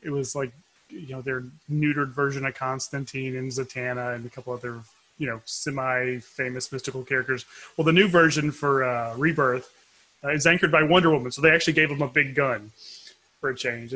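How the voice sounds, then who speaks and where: A man's voice: mid-range voice, steady tone, normal speed, pushed and bright. A middle-aged man co-hosting a podcast in casual chat, rambling and chuckling as he goes. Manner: rambling, chuckling, self-interrupting. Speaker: podcast co-host.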